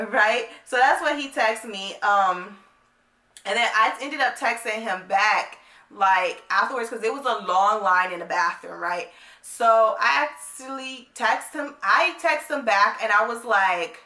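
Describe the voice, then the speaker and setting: A young woman tells a story straight to camera in a loose, chatty way, peppering it with "like" and "right?" as she reads out text messages. Her voice is bright and forward, and the room around her rings with a noticeable echo. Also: on the high side, measured pace. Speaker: vlogger. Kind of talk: casual storytime vlog. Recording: echoey room.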